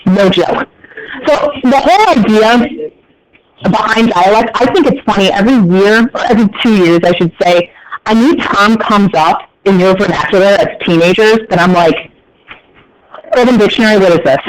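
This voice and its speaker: Chatty American male teacher, high voice. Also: normal speed, a little hiss or hum, poor audio. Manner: chatty, joking asides to students. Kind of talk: classroom lecture.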